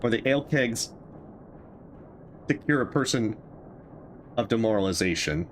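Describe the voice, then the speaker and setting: Brief: male streamer, casual gameplay talk, lively varied pitch, mulling decisions aloud. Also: unhurried, slight background noise. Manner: thinking aloud, musing over choices. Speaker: streamer playing a game.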